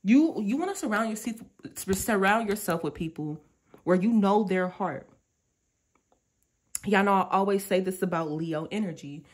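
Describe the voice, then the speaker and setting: A tarot reader talks her viewers through a laid-back reading in a mid-range voice at normal speed. Her style is lively, slangy and chatty. She interrupts herself often to perform the thoughts she's quoting.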